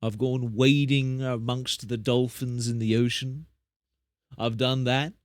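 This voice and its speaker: A man's voice: mid-range voice, fairly even intonation, slow pace, no echo, studio quality. A young man chatting casually on a live stream, rambling and correcting himself as he tells animal stories. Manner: rambling, chatty, self-correcting, plays up tall tales.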